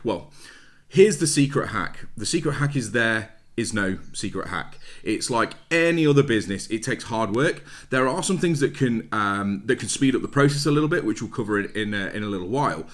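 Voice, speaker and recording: A middle-aged man with a British accent gives straight-talking advice to camera in a casual, motivational tone. His voice sits at an ordinary middle pitch, and he hammers home his points by saying them twice. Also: fairly bright tone. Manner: blunt, plain-spoken, repeats points for emphasis. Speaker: network marketing vlogger.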